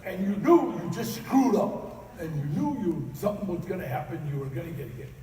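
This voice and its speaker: A man on stage tells personal stories with a high, lively voice that swings widely, breaking into loud acted outbursts. He is heard from far off in a large, echoey convention hall with faint ambient noise. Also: fairly quick. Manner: animated, bursts of loud acted outbursts and laughter. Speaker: conference speaker. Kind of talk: personal storytelling speech.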